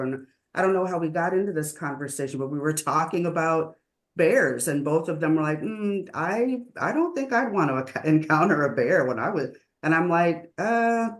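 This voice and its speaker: A woman in a meditation group who tells a story casually, animated and often laughing, with hesitant restarts. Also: low voice. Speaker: sangha member. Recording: roomy echo.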